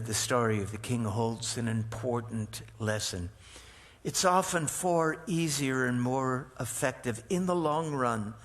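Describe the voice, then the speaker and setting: Male clergyman, unhurried reflective sermon voice, mid pitch, some stumbles. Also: a bit bright. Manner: slow, reflective, with halting restarts. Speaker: rabbi. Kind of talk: sermon with storytelling. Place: synagogue sanctuary.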